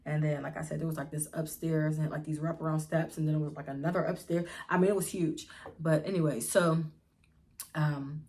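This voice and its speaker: This young woman vlogger, from around Pittsburgh in the US, does a casual storytime at home, talking to viewers she calls y'all. Her low-sitting voice is fairly quick, lively, and full of free swearing.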